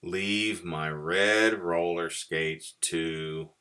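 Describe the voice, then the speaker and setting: Man playing a gruff raspy sick bear from a kids' storybook, low, slow and melodramatic. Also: bright, forceful tone. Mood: self-pitying. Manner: dramatic and complaining. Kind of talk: children's storybook reading.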